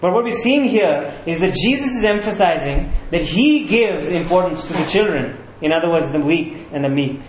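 A man's voice: on the high side, expressive, moderate pace, few pauses, a little hiss or hum. A man preaching a sermon as pastor in a conversational, earnest way, often checking in with the listeners. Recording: roomy echo.

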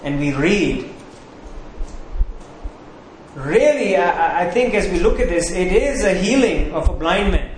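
A man preaching a sermon as pastor, emphatic, repeating key phrases and slowing down on them. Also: high-pitched, lively intonation, slight background noise. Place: church sanctuary. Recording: very echoey hall, faint ambience.

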